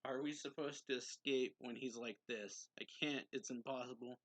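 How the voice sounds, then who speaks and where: A man's voice: medium pitch, fairly even intonation, normal speed, a bit bright, close to an everyday voice. A man voicing an anxious, pleading young male vampire from a manga, read lightly. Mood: desperate.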